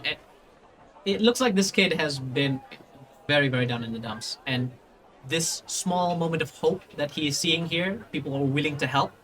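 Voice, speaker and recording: A man's voice: on the high side, sharp tone. A man narrating as game master of a tabletop game, rambling with many fillers and restarts.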